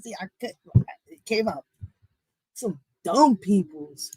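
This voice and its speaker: Slow, blunt woman in a dry room. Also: medium pitch, animated, warm tone, slightly rough, no room sound, rough recording. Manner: blunt, exasperated, swears. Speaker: reaction channel host. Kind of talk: casual commentary.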